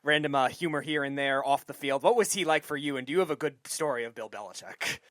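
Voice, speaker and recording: Fast-talking male podcast host. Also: mid-range voice, a bit bright, no echo, clean studio sound. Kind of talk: interview questions.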